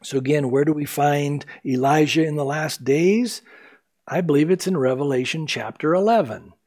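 A man preaching a sermon, emphatic, rising to loud peaks and dropping to slow, low line endings.

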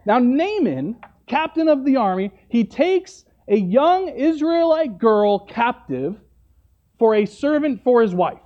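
A man's voice: very high-pitched, big pitch swings, slow, muffled recording. A man preaching a sermon, retelling a story in a conversational way and often checking in with "right?".

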